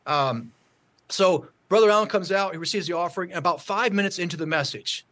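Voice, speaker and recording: A man telling a church testimony story on a call, halting, with many fillers and restarts. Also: sits high, fairly bright tone. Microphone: call audio.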